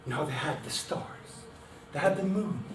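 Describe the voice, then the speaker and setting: Slow, dramatic male storyteller in an echoey room. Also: on the high side, animated. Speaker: club speaker. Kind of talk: storytelling speech. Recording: roomy, distant, faint background noise.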